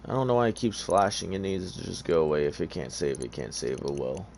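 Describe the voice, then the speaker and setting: A gaming YouTuber with a low, gravelly, slightly mellow voice talks fairly quickly over a car game. Just awake and sleepy, he gives laid-back, rambling commentary stuffed with fillers, with slight background noise.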